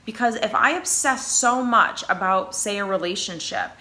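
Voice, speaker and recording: A woman's voice: mid-range voice, moderate pace, bright, forceful tone. A woman with a New England accent giving casual, earnest advice in a conversational way, with frequent fillers. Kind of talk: casual advice talk on anxiety.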